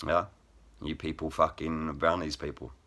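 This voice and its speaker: Forceful, sharp-voiced man ranting. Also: extremely low pitch, level tone, normal speed. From England. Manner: blunt, heavily profane, repeats "bruv" and "innit". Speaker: vlogger and rap poet. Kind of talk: angry to-camera rant.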